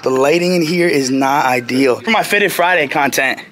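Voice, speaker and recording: A young man in a casual, slangy vlog, chatting excitedly while browsing a store. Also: a little high, normal speed, a little hiss or hum. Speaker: vlogger. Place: indoor retail store. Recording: store music behind the voice. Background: music playing in the store.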